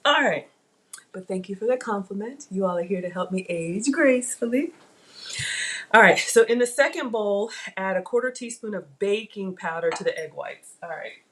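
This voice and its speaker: A woman's voice: medium pitch, lively intonation, moderate pace. A middle-aged woman hosting a live cooking stream from her home kitchen, chatting with viewers and calling them y'all. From Africa. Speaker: cooking channel host.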